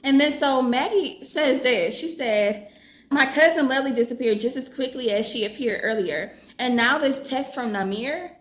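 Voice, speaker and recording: A woman's voice: high-pitched, normal speed. A woman, chatting casually in a reading vlog, reading passages aloud and reacting with swearing and exclamations. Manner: animated, swears freely, bursts of laughter and exclamation. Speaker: book vlogger. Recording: echoey room with faint background noise.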